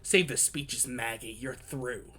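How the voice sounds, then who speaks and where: Brief: streamer voicing a curt gruff clawed brawler, blunt and dismissive. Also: medium pitch, slow, fairly bright tone, pitched below the performer's own voice. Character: gruff tough clawed mutant hero, male.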